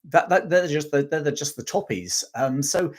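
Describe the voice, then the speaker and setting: A man's voice: on the high side, lively intonation, normal speed. A man hosting a live history chat stream, reading out viewer comments in a chatty way, with many ums and restarts.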